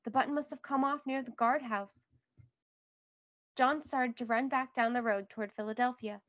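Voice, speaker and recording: A woman reading a children's book aloud in a clear, expressive storytelling voice. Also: on the high side, normal speed, no echo, highs cut off. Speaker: read-aloud narrator.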